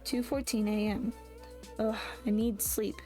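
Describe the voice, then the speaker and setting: A woman's voice: medium pitch, little pitch movement, measured pace, mellow, soft background music. A woman reading a first-person novel aloud, often stopping to correct and restart her words. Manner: reads with frequent restarts and self-corrections. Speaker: audiobook reader.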